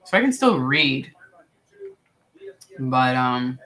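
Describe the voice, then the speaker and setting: A man's voice: medium pitch, sing-song, slow, bright, forceful tone, poor audio. A man in a casual chat at home, talking loosely with many fillers. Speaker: co-host.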